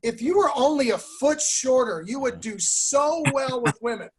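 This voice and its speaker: A man, a comedian, recounting a road story in casual podcast chat with quick, halting phrasing. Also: extremely high pitch, lively intonation, over a noisy crowd.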